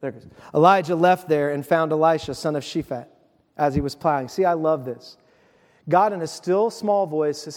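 Male pastor, high voice, animated storyteller, long hall reverb. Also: normal speed. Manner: animated storytelling, acts out voices, drops to a soft hush. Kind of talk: sermon.

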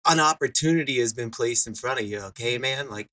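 A blunt, resentful veteran wrestler played by a man in a tabletop game. His voice is bright and he lays out his grudges plainly, in a mid-pitched tone. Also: fairly quick, a little hiss or hum, lightly acted. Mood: hostile. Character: surly veteran male pro wrestler.

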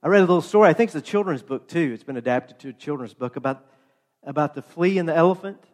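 A man's voice: on the high side, quick pace, lo-fi sound. A man preaching a sermon, telling stories in a conversational way with playful asides. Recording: long hall reverb.

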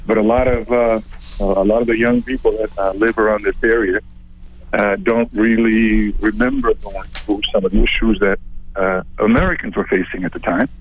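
Middle-aged male guest, husky, low-pitched, hesitant, phone audio. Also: steady tone. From abroad. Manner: halting, many fillers. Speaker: city council president, guest. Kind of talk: phone-in interview. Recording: dull phone line.

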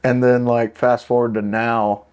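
A young man hosts a podcast in an easy, conversational way. He teases and jokes with his guest in a voice of ordinary middle pitch. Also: level tone, unhurried, a little mellow, smooth. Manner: joking, teasing, conversational. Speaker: podcast host. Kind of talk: casual podcast chat.

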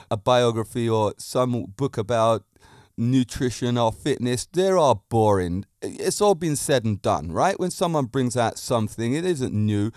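A man hosting a casual podcast monologue, animated and often laughing at his own jokes. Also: mid-range voice, no room sound, clean studio sound. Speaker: podcast host.

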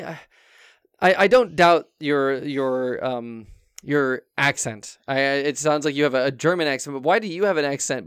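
A man's voice: fairly high pitch, a bit bright, clear, resonant tone, dry recording, studio quality. A man playing a flustered talk show host in an improvised comedy interview, stammering through many restarts.

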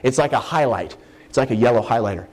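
A man preaching a sermon as a Bible word study, talking conversationally and slowing down to stress key words. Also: mid-range voice, lively intonation, darkish tone.

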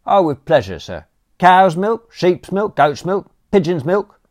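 A man's voice: high-pitched, sing-song, measured pace, a little mellow, pitched above the performer's own voice. A man reading an audiobook voices a cheeky male butler with a mock-formal, impudent manner. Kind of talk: audiobook character voice.

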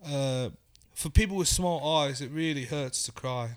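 A young man with a Northern English accent answers in a comic interview with a straight face. He rambles earnestly, and his voice sits a little high. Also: unhurried, clean tone. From England. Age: young adult. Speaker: interview guest. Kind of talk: deadpan comedic interview.

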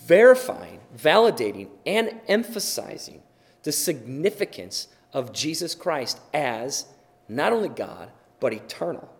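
Guy preaching, emphatic, gets loud then drops soft, voice rings out in a big echoey hall. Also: on the high side, big pitch swings, a little slow. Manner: emphatic, repeats words for stress, swings between loud and soft. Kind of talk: sermon. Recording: long hall reverb.

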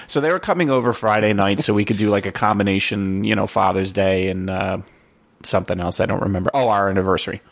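A young man telling a story in casual chat, swearing constantly and animated. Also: lowish voice, quick pace, gravelly. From New York. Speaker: podcast co-host.

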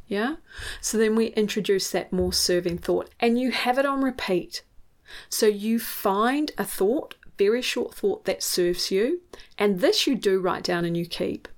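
Woman host, solo coaching talk, encouraging and emphatic, mid pitch, keeps checking in with the listener. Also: unhurried. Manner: warm encouraging, emphatic repetition with tag questions. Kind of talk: solo self-help talk.

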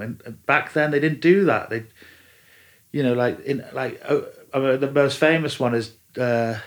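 A man in easygoing conversation who keeps circling and restarting his thoughts. His voice sits at an ordinary middle pitch, loose and unhurried. He leans on fillers as he talks his way toward a point. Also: fairly even intonation. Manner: rambling, many restarts and fillers. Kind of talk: casual chat. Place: lives in a German-speaking country.

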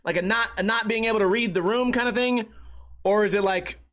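A man's voice: high-pitched, brisk, a bit bright. A young man hosting a podcast on his own, telling stories in a rambling, profane, self-deprecating way. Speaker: podcast host. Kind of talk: casual solo podcast monologue.

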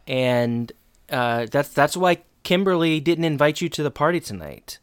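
A woman's voice: low-pitched, lively intonation, measured pace, smooth, no room sound, clean studio sound. A woman co-hosting a podcast, chatting casually and teasingly, acting out characters' lines while recapping an episode. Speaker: podcast co-host.

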